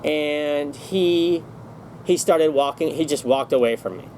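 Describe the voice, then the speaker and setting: A man's voice: a little high, unhurried, a little mellow, a little hiss or hum, rough recording. A man vlogging in a casual storytelling monologue, rambling along with many restarts and self-corrections.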